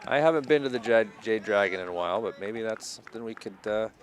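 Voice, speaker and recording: A man doing easygoing play-by-play for a local baseball game, chatting between pitches. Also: animated, quick pace. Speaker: play-by-play announcer.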